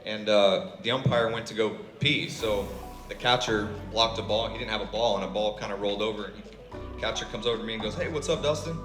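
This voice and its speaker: A former teammate telling a funny story in an interview, acting out each line of dialogue. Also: male voice, lowish voice, level tone, a little fast, echoey room, over music.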